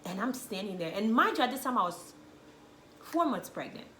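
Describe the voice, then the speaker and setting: A woman sharing a personal testimony in a casual faith conversation, animated, acting out what people said with sudden loud, high bursts. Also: moderate pace, echoey room, a little hiss or hum. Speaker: guest sharing her testimony.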